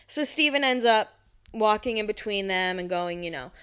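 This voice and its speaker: A woman's voice: mid-range voice, expressive, normal speed, a bit bright, clear, resonant tone. A woman in her twenties recapping a reality show in casual chat. She swears often and acts out the quotes. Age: 20s.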